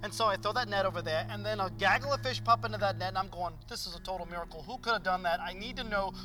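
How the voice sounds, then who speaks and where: A man's voice: high voice, fast, natural voice. A man playing the disciple Peter as an impulsive, rambling fisherman in a comedy skit, full of fillers. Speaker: comedy sketch actor.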